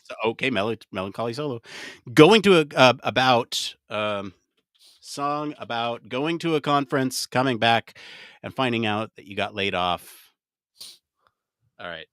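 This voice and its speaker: A man's voice: mid-range voice, a little slow, pauses often, no room sound, clean studio sound. A man hosting a live podcast, chatting casually and mumbling to himself while he sets something up. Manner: excitable, loud outbursts, then mumbling while typing prompts. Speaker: podcast host. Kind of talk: casual live-stream chat.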